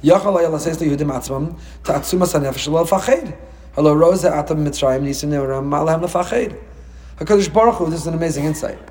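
A rabbi preaches a Torah lecture in a fairly high, lively voice. He acts out dialogue, jumping up in pitch for emphasis. His voice rings with a long reverb, as if in a large hall. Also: fast talker.

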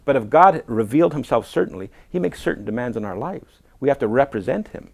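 Brief: male guest, emphatic and quick, gravelly edge. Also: medium pitch, animated. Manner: emphatic, quotes people in acted voices. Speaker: guest apologist. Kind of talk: casual conversation.

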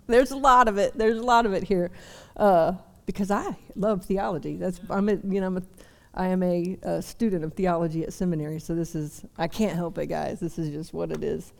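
A woman's voice: on the low side, fairly even intonation, moderate pace, gravelly. Chatty young woman preaching. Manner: warm, chatty, self-deprecating asides. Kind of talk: sermon. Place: church service before a seated audience.

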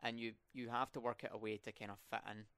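A young Scottish man hosts a student podcast, chatting casually in an interview style with lots of fillers and restarts. His medium-pitched voice is level, quick, and a bit bright, with rolled R's and a clean, echo-free sound.

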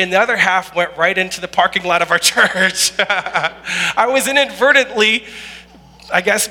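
A man preaching with a high, bright and forceful voice, telling funny stories and laughing along with them. The sermon carries through a large room with a long reverb. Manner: animated, humorous storytelling with frequent laughs. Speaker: pastor.

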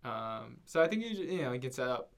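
A man's voice: medium pitch, sing-song, fast, vocal fry. A young man co-hosting a casual podcast, talking in a hesitant way with many fillers and restarts and ending points with "right?". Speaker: podcast co-host. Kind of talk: casual conversation.

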